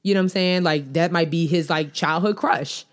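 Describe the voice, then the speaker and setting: Playful low-voiced woman co-host. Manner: playful, teasing, drawn-out emphasis. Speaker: podcast co-host. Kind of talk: casual chat.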